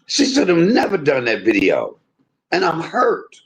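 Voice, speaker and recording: A man hosting a livestream, venting in an aggrieved rant that swings between loud outbursts and low muttering. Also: huge pitch swings, unhurried, breathy edge. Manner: swears freely, talks straight to viewers. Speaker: livestream host.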